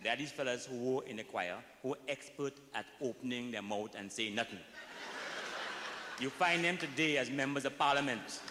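A man's voice: medium pitch, moderate pace, pushed and bright, a little hiss or hum. A man with a Trinidadian accent telling comic stories to a live audience, folksy, breaking into sung snatches. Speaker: comic storyteller. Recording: echoey hall recording.

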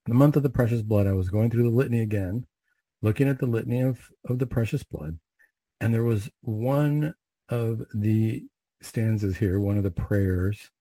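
Dark, husky-voiced man leading prayers. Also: fairly low pitch, no echo. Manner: measured, conversational, with occasional fillers. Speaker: Catholic prayer leader and speaker. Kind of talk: recited prayers, then a spoken reflection.

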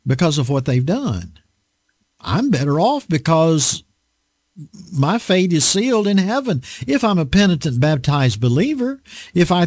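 A man preaching an online Bible study sermon, slow and deliberate, drawing out words for emphasis. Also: sits high, a little mellow, no echo, studio quality.

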